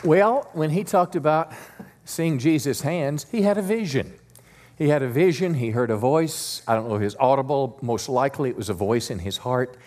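A man's voice: medium pitch, normal speed, a little mellow. Conversational male pastor preaching a sermon. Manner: conversational preacher, leads call-and-response. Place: church sanctuary.

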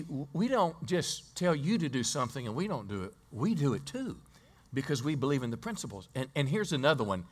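A man's voice: medium pitch, fairly bright tone. A male pastor preaching a sermon in a church, telling a story and quizzing the congregation, often restarting his words.

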